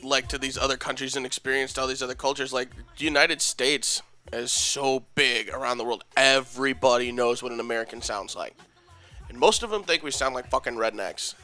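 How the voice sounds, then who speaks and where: A man's voice: mid-range voice, brisk, pushed and bright, soft background music. A young man chatting loosely on a podcast, swearing often and rambling through his points. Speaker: podcast host. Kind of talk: casual podcast banter.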